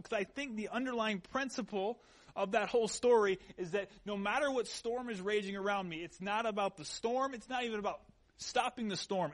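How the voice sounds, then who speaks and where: A pastor with a high, light male voice delivers a sermon to his congregation. He speaks conversationally and weaves in personal stories. He uses earnest repetition to drive his points home.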